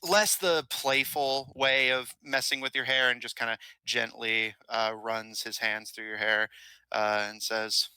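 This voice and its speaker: A man narrating a tabletop game as game master, in a halting way with many pauses. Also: mid-range voice, steady tone, bright, forceful tone, clear, resonant tone, dry recording, poor audio. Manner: halting, filler-heavy narration.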